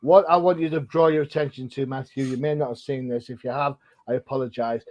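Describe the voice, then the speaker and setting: A man hosts a casual comic-book podcast in a rambling, chatty way, restarting his sentences often. His voice sits at an ordinary middle pitch. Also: steady tone, fast talker, a little mellow, muffled recording. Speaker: podcast host.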